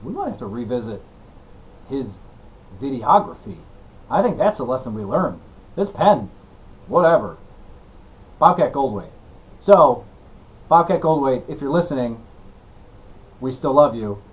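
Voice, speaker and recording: A young man hosting a casual woodworking vlog, goofy and excitable, breaking into shouted exclamations. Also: medium pitch, unhurried, pauses often, dull audio. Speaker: woodworking channel host.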